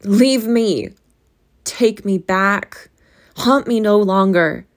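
A woman reading a storybook aloud voices an old miserly man who cries out in slow, broken, anguished pleas. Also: medium pitch, pitched above the performer's own voice. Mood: anguished pleading.

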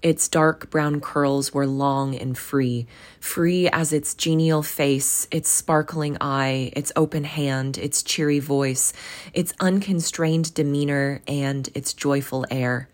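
Reading a classic story slowly and in a steady, low-pitched voice, this young adult woman works as an audiobook reader and podcast host. She closes with a casual sign-off, chatting warmly with her listeners and offering affection and encouragement.

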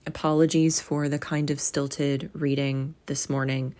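A woman with a notably low voice reads a classic novel aloud. Her delivery is measured and expressive, and she closes with casual, friendly chat to her listeners. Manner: measured, expressive reading, casual warm sign-off. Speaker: audiobook reader.

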